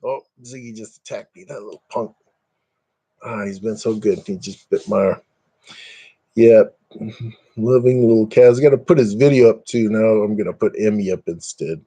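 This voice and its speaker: A man's voice: on the low side, normal speed, warm tone, slightly rough. An older man chatting casually on a webcam live stream at home, rambling and self-deprecating, chuckling often.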